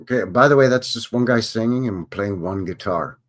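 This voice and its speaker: A man's voice: on the low side, moderate pace, loud music behind the voice. A man hosting a live stream, reading song lyrics aloud and explaining them in a chatty, casual way. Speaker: host.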